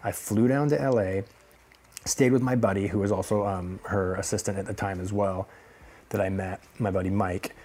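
A man's voice: sits low, fairly even intonation, moderate pace, darkish tone. A man from the Pacific Northwest telling a personal story casually, rambling and swearing now and then. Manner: rambling, many fillers and restarts, casual swearing. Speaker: hairstylist telling his story.

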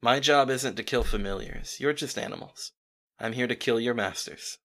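A man voicing a ruthless witch hunter who speaks low and quiet with cold menace. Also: moderate pace, natural voice. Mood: menacing.

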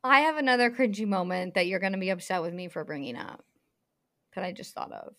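A woman's voice: lowish voice, animated, brisk, sharp tone. A young adult woman co-hosting a casual podcast, telling stories in an emphatic, exasperated way. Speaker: podcast co-host. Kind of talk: casual chat.

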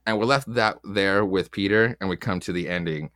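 A podcast co-host recaps comic book issues with his fellow hosts, rambling loosely, swearing often, and acting out the lines. His voice sits low and is a bit bright, at a moderate pace, recorded with studio quality and no echo.

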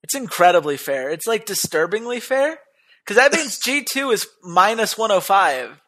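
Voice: medium pitch, moderate pace. A podcast co-host in casual, argumentative chat about esports betting. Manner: animated, argumentative.

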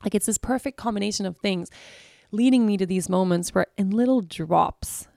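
At a normal speed and with a mid-range, mellow voice touched by vocal fry, a woman reflects on her feelings for her podcast. She's candid and searching, repeatedly restarting, circling back, and leaning on "you know". Her studio sound is clean, with no room sound.

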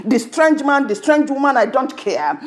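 A woman's voice: sits high, lively intonation, moderate pace. A woman preaching a sermon, fervent, with lots of repetition.

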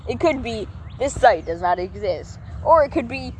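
A playful woman co-hosting a casual chat. She teases and jokes, and her voice sits a touch high and swings up and down a lot. There is clear noise behind her. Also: animated, normal speed, darkish tone. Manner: playful, jokey, teasing. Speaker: co-host. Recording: noisy background.

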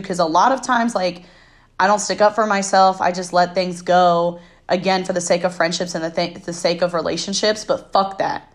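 A woman's voice: mid-range voice, moderate pace. A young adult woman hosting a podcast, telling a story in a heated, profane, emphatic casual rant. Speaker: podcast host.

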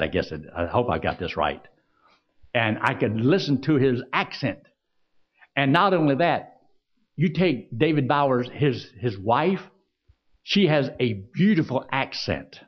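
A man preaches a sermon, his pitch rising and falling in wide arcs. He puts questions to his listeners and reads verses slowly. The recording sounds dull and lo-fi. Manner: preaching with rhetorical questions and scripture readings. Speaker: pastor.

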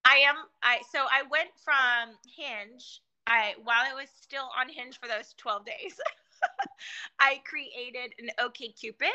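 Bright, chatty woman telling stories. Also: high-pitched, slow pace, lo-fi sound. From California. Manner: chatty, animated storytelling with many fillers and restarts. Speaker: guest. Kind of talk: casual conversation.

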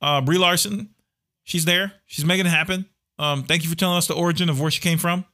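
A middle-aged man co-hosting a casual podcast chat, animated and quick to laugh, often trailing off into fillers. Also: on the high side. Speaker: podcast co-host.

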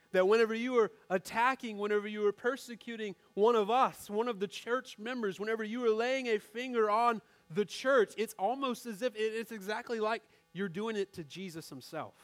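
High-voiced young man preaching a sermon. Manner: conversational preaching that talks straight to the congregation. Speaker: pastor. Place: church room with a congregation.

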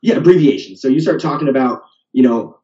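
A man's voice: mid-range voice, animated, brisk, warm tone. Man, fitness coach, casual chat, keeps saying right, dull lo-fi sound, echoey room. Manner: talkative, ends points with "right?". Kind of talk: casual podcast conversation. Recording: roomy, distant, dull lo-fi sound.

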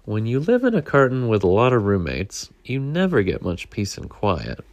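A man voicing a fretful male egg from a storybook, talking in a lively way that climbs higher when the egg gets nervous. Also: normal speed, no echo. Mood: relaxed. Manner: lively, rising to a nervous pitch. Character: fretful male egg who stays home.

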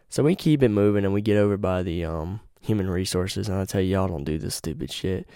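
A man's voice: on the low side, steady tone, moderate pace, warm tone, smooth, no echo, studio quality. A young man hosting a podcast, telling a story in a casual, slangy and profane way. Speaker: podcast host. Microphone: studio mic with pop filter.

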